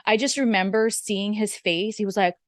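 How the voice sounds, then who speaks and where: A woman guest in an interview, telling stories in a lively, animated way and acting out the quotes. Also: moderate pace, dry recording, clean studio sound. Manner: animated, acts out quotes with big pitch jumps. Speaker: guest, former wrestler. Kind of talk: casual interview storytelling.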